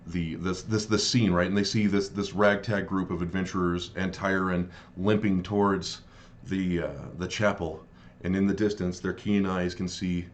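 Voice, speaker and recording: A man narrating as game master of a tabletop role-playing game, pausing often with fillers and restarts. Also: low-pitched, level tone, a little hiss or hum. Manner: halting, many fillers and restarts.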